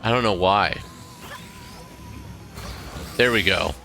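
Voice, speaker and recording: A man giving casual, relaxed commentary while he plays a video game. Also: low-pitched, vocal fry, faint music behind. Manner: slow, relaxed, chatty. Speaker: gameplay host.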